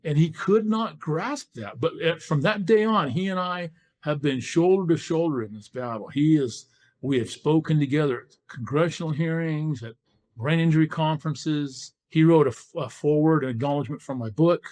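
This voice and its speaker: Older man, lively storyteller, higher voice, acts out quotes. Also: moderate pace. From California. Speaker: guest, former football player. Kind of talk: storytelling in a podcast interview.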